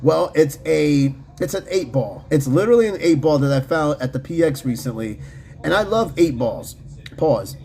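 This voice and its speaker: A man's voice: on the high side, lively intonation, normal speed, gravelly, dark tone, slight background noise. A man hosting a podcast in casual, slangy, profane chat, reading comments from his live chat. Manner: loose, slangy and profane, with frequent fillers and laughs. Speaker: podcast host.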